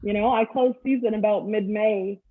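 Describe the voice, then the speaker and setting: A woman's voice: mid-range voice, fairly even intonation, normal speed. A middle-aged woman doing a stand-up comedy set over a video call, with a crude, offhand delivery. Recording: tinny phone-like video call audio.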